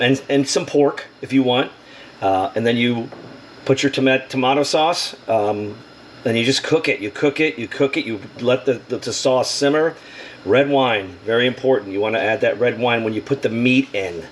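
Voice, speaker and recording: A man's voice: medium pitch, fairly bright tone, a little hiss or hum, rough recording. A middle-aged man with a Southern accent, talking through a home cooking vlog in a folksy, enthusiastic way. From Texas. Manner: folksy and enthusiastic, many fillers. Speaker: home cook and homestead vlogger.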